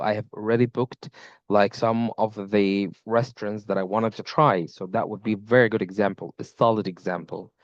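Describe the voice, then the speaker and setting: A man's voice: mid-range voice, a little mellow, no echo. A young man with an Egyptian accent, teaching in a casual video lesson and switching between English and Egyptian Arabic mid-sentence. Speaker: IELTS speaking teacher. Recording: slightly dull lo-fi sound.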